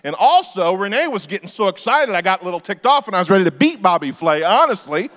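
A man in his forties, a pastor telling comic stories in a sermon and shouting his punchlines. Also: sits high, fast talker. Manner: animated storyteller, shouting punchlines. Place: church auditorium. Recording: long hall reverb.

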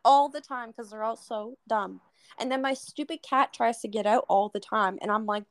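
A young woman with a fairly high voice co-hosting a podcast. Her voice sounds dry and close, with no room behind it. She gossips casually and swears without a second thought. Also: moderate pace, no room sound, rough recording. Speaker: podcast co-host. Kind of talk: casual chat.

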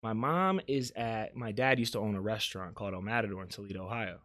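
A man from South Carolina hosting a podcast and telling a spooky story in casual chat, animated, swinging between loud and hushed. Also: lowish voice, fast. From Beaufort, South Carolina. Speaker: podcast host.

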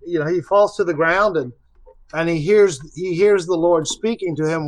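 A man's voice: fairly high pitch, moderate pace, rough recording. A man taking part in a Bible study discussion, thinking aloud with frequent hesitations and restarts. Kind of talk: casual discussion.

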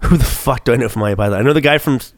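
A man on a casual podcast, excitable and swearing heavily while he thinks aloud through a trivia question. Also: mid-range voice, very fast, no echo, studio quality. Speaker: co-host. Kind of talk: casual podcast chat, quiz game.

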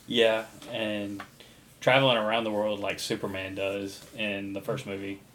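Man, lower voice, casual movie podcast, profane plot recap, faint noise behind. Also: little pitch movement, a bit bright. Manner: profane, recaps the plot with quick acted quotes. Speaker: podcast co-host.

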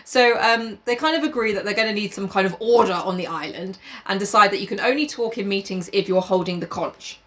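A woman's voice: medium pitch, fairly quick, few pauses, fairly bright tone. A woman hosting a podcast, retelling a novel in casual chat, laughing and swearing as she goes. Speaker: podcast host.

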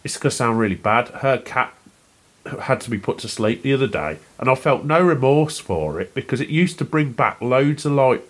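A British man co-hosting a podcast, telling stories in a casual, animated and sometimes indignant way. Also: medium pitch, normal speed. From Britain. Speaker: podcast co-host. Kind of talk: casual chat.

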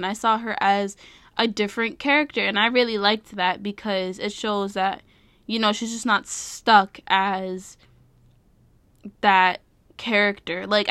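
A woman's voice: on the high side, fairly bright tone, no echo. A young adult woman giving a casual review vlog, rambling, easily distracted and often stopping to correct herself.

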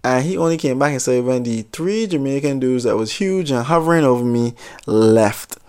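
A man telling a comic story in casual talk, animated and exaggerating, with some swearing. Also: mid-range voice, normal speed, smooth.

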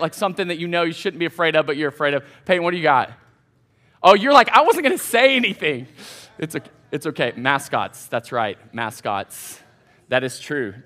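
A man, a college pastor telling a casual, animated story in a sermon to young adults. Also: high voice. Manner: folksy, animated, addresses crowd as y'all. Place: church hall.

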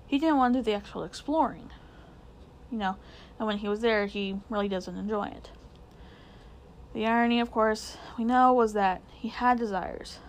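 A woman's voice: a little high, normal speed. A woman teacher talking through literary devices from a novel, in a conversational way with frequent fillers and restarts. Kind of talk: literature lesson explaining a novel.

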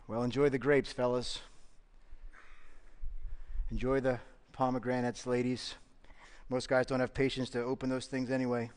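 A man's voice: mid-range voice, little pitch movement, moderate pace, pauses often, a little mellow, clean tone. A man preaching a sermon as pastor, emphatic and full of rhetorical questions. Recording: long reverb of a large hall.

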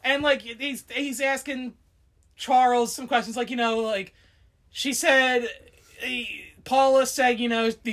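A woman's voice: fairly high pitch, fairly even intonation, takes it slowly, a bit bright. A woman co-hosting a podcast, chatting casually and rambling with plenty of fillers and laughter. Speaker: podcast co-host. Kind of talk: casual chat.

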